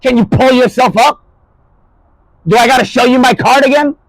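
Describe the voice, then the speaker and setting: A man with a fairly high voice delivers a rambling spoken-word monologue, leaping from one topic to the next. He swears freely and swings between quiet asides and louder bursts. The sound is dry and close, with no room around it. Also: normal speed, no room sound, rough recording. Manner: rambling, jumping topics, swearing, shifting loudness.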